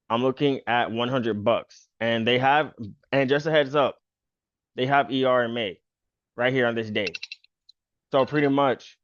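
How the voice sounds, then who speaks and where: A stock trader who hosts his own channel walks casually through stock charts, speaking loosely and filling his talk with phrases like "pretty much" and "bro." His voice is medium-pitched, and the recording is dry and lo-fi.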